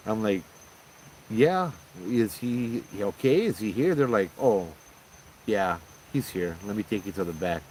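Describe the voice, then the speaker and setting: A man's voice: lowish voice, lively intonation, a little mellow, a little hiss or hum, rough recording. A man casually telling ghost stories in a rambling, conversational way, quoting the people in them as he goes. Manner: rambling, conversational, quotes others in quick asides. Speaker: storyteller host.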